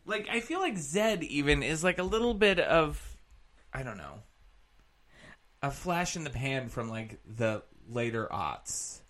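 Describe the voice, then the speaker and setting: A man's voice: a little high, big pitch swings, measured pace, a bit bright. A man co-hosting a podcast, chatting casually about a TV episode, swearing and joking with lots of fillers. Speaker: podcast co-host.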